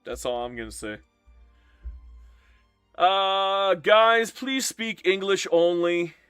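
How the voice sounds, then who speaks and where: A man's voice: high voice, lively intonation, slow, fairly bright tone, smooth, no echo, soft background music. A man live-streaming a strategy game and bantering playfully with his chat as he reads their messages aloud.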